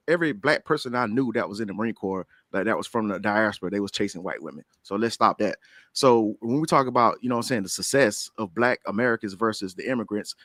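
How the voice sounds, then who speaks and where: A man's voice: medium pitch, fairly bright tone, no echo. Casting: man, debate panelist, blunt and profane, stammers and restarts, dry close mic. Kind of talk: heated online debate.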